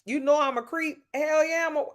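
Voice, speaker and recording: There's background noise as a Louisiana woman with a high-sitting voice talks a little fast on her live stream from home at night. Answering chat casually, she's playful and sassy, addressing her viewers directly.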